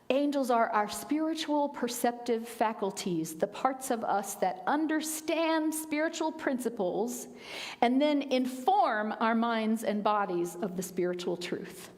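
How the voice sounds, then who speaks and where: A woman minister giving a sermon, telling stories in a conversational way with quiet, emphatic asides. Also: a little high, in a large hall. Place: church sanctuary.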